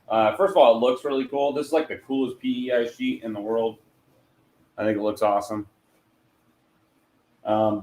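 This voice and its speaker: Joking man in a roomy echo. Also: medium pitch. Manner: joking, mutters to himself while working. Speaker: host. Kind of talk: casual hands-on product demo.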